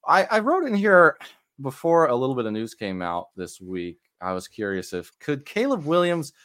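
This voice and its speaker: A man co-hosting a podcast, chatting casually and ranting with animated exasperation. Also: mid-range voice, moderate pace, dry recording, studio quality. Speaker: podcast co-host. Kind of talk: casual chat.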